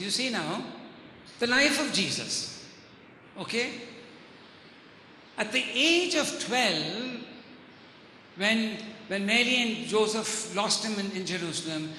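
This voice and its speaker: A man's voice: very high-pitched, bright, forceful tone, a little hiss or hum. A man preaching a sermon, teaching earnestly and often repeating and restarting words. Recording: echoey hall reverb.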